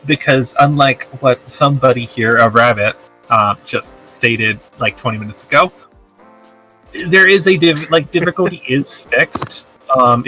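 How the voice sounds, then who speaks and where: A man's voice: medium pitch, sharp tone, recorded from a distance, rough recording. A man co-hosting a casual tabletop gaming podcast, joking and rambling with many fillers. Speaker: podcast co-host. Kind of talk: casual chat about a tabletop game.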